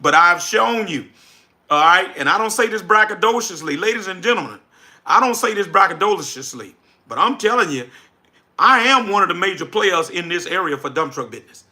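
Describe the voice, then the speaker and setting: A livestream host and business coach with a Southern Louisiana drawl chats casually with his viewers in a high, very bright voice. He talks briskly and energetically, reading chat names aloud and repeating his points like a preacher.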